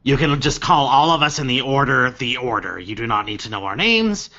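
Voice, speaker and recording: A man's voice: mid-range voice, lively intonation, a little fast, sharp tone, lo-fi sound. A man voicing a stern old orc woman who leads an order, speaking curtly and coldly in a tabletop game. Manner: curt, cold, aloof.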